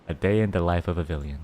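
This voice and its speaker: A man's voice: deep voice, darkish tone. A man streaming and chatting casually, giggling often and thanking donors with playful rawrs. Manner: rambling with many restarts. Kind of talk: casual livestream chat.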